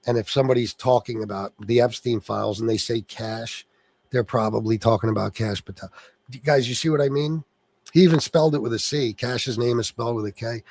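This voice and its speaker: Reading chat aloud, this Sicilian-heritage political livestream host rants at viewers in anger, swearing constantly. He has a medium-pitched, slightly mellow voice, captured in a dry recording.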